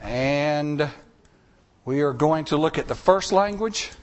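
A man's voice: lively intonation, slow pace. A male pastor preaching a sermon in a folksy, conversational way. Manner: folksy, conversational preaching with wide pitch swings.

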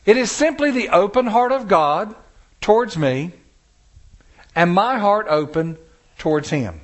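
A male preacher delivering a sermon, stressing words slowly and telling stories to the congregation. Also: high-pitched, expressive. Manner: emphatic, drawn-out stresses, storytelling.

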